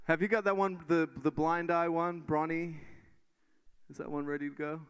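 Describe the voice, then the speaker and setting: A man preaching in church and telling testimonies in an animated way, full of restarts. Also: on the high side, normal speed, clean tone. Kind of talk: sermon testimony. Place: church stage.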